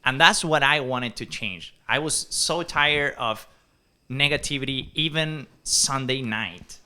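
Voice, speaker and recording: Bright, upbeat man on a panel. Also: medium pitch, a little slow, clean tone. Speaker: panelist, founder. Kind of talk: casual panel talk. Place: event hall.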